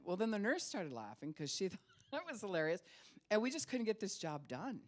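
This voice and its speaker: Older lady pastor preaching, tells stories, laughs a lot, mid pitch. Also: big pitch swings, moderate pace. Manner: storytelling, laughs often, acts out quoted voices. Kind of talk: sermon.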